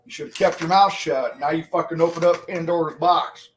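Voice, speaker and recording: A live streamer in his forties chats casually with his viewers, addressing them directly while he rambles and swears constantly. His voice is fairly high and brisk, with slight background noise.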